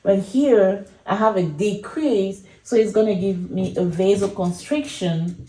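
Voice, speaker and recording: A woman teaching anesthesia at a whiteboard, explaining slowly and repeating key points to her viewers. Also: medium pitch, mellow, echoey room, poor audio. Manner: slow, repetitive explaining, addresses viewers as guys. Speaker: anesthesia educator. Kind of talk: whiteboard lecture.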